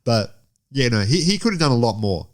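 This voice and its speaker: A man's voice: medium pitch, very animated, fairly quick. A young man co-hosting a podcast, joking around in casual chat and leaning heavily on "like.". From Australia. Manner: laughing, joking, heavy use of "like". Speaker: podcast co-host.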